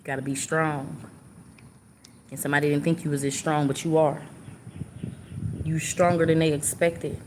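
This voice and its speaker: Woman, low voice, earnest and informal tarot reader channeling spirit messages live, faint hiss behind. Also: level tone, moderate pace, long pauses. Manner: earnest, repetitive, emotional, informal speech.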